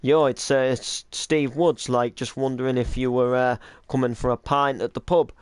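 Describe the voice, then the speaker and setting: A man's voice: medium pitch, fairly even intonation, moderate pace, clean tone, dry recording, close to an everyday voice. Easygoing bloke, voiced by a man, dry close sound, casual game character. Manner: casual, matey. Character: laid-back young male pub-goer.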